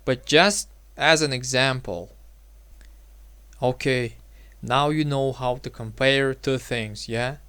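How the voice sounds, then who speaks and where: Slow, patient male English teacher. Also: mid-range voice, pushed and bright, smooth, no echo. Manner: patient, repeats examples, checks in with "yeah?". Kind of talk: slow explanatory grammar lesson.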